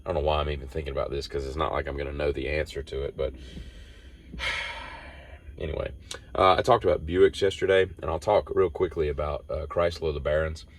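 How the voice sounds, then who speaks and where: A man with a steady, brisk bass voice hosts a rambling solo monologue, telling off-the-cuff stories that meander from one thing to another. Slight background noise is audible.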